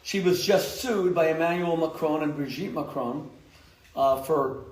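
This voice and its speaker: A man's voice: a little high, unhurried. A man, a rabbi, giving an emphatic, joking lecture to a community audience and laughing at his own jokes. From United States. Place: lecture hall. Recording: echoey lecture hall.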